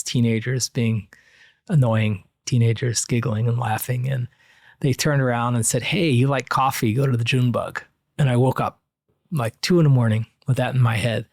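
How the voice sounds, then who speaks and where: A man's voice: mid-range voice, dry recording, studio quality. A middle-aged American man who collects antique electrical machines, telling a long personal story in a rambling way, full of "like" fillers. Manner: rambling anecdotal, frequent "like" fillers. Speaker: museum curator. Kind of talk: casual storytelling.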